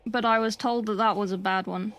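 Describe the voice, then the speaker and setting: A woman's voice: mid-range voice, fairly quick, a little hiss or hum. Chatty, sweary British woman streaming. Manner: chatty, sweary, deadpan joking asides. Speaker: livestreamer painting miniatures. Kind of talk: casual livestream chat reading chat messages.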